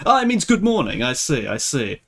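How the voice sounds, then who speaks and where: A man's voice: a little high, fairly bright tone. A young man hosting a live stream, chatting casually with viewers, laughing often and restarting his sentences. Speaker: livestream host.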